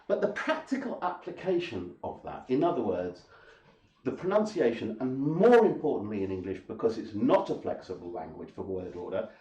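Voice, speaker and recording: A man's voice: mid-range voice, dark tone. A man lecturing an audience as an English teacher in a hall, speaking emphatically, with repetition and rhetorical questions. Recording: echoey hall.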